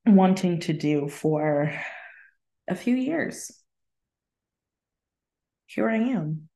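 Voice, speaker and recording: A woman's voice: fairly low pitch, expressive, drawn-out words, mellow. A woman hosting her own podcast from her apartment. She talks through her personal faith journey candidly and reflectively, breaking into laughter between thoughts. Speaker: podcast host. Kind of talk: casual faith-sharing monologue. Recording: roomy echo in a home room.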